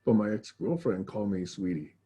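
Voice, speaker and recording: A man hosts a casual video call with a husky, warm, lowish voice. He tells stories calmly and with dry humor. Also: brisk. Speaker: study group host. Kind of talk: casual chat.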